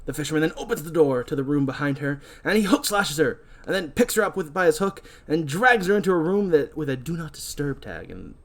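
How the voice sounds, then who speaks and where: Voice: medium pitch, sing-song, brisk, few pauses. Chatty podcast host recapping a movie. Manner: chatty, filler-heavy, laughing.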